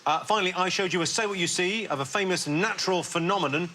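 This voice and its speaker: A man's voice: high voice, fast talker, a little hiss or hum. A man hosting a panel show quiz, dry and teasing as he reads questions and needles the contestants. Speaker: quiz host. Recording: loud studio audience laughter.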